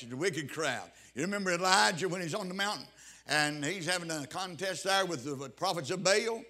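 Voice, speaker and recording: Bright-voiced preacher man with drawn-out emphasis. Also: fairly high pitch. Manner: rhythmic preaching cadence with drawn-out emphatic phrases and interjections. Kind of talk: sermon.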